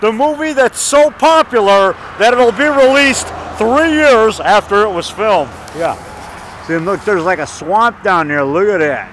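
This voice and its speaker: A man's voice: high-pitched, expressive, a little slow, fairly bright tone, slight background noise. A man giving a chatty, enthusiastic walking tour of an outdoor forest preserve by a river, repeating himself and chuckling. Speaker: indie horror filmmaker giving a tour. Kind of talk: rambling walking tour vlog.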